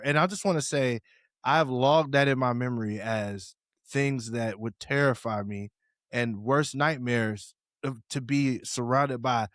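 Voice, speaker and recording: In clean studio sound with no echo, a male podcast co-host with a mid-range, fairly bright voice chats casually at a moderate pace. He laughs a lot and teases his friends.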